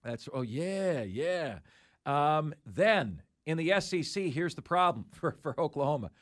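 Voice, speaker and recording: Guy hosting sports radio, high pitched voice, keeps hammering points w/ mock disbelief. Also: big pitch swings, unhurried, a bit bright. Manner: emphatic, rattling off schedules with mock disbelief. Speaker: sports talk show host.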